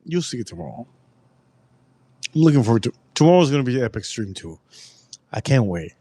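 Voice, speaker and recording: A man hosting a casual livestream, rambling through stories loudly and with lots of swearing. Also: mid-range voice, big pitch swings, a little fast. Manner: rambling storytelling, loud and profane. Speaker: livestream host.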